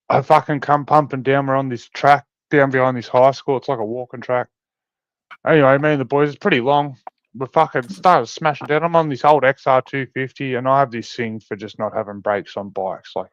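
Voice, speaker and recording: A man's voice: mid-range voice, a little fast, no room sound. Aussie bloke swearing his way thru a dirt bike story, dry dull-ish mic, no room sound. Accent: Australian. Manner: swearing-heavy, animated storytelling. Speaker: podcast co-host. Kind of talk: casual chat.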